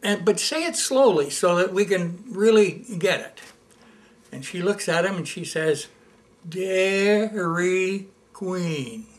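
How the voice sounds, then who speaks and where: Relaxed voice telling a joke. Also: mid-range voice, normal speed. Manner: relaxed storytelling with hesitations. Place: local public access TV studio.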